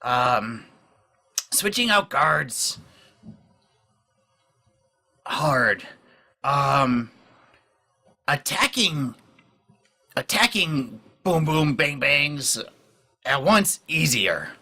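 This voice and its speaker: A man voicing a nervous male goblin who talks in halting broken speech. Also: medium pitch, very animated, sharp tone, exaggerated voice. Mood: scheming.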